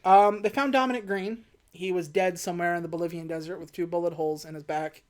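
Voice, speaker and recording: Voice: mid-range voice, steady tone, fast talker. A podcast co-host casually recapping a film plot, quoting the characters in an offhand way. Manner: retells scenes by quoting characters in a loose, offhand way.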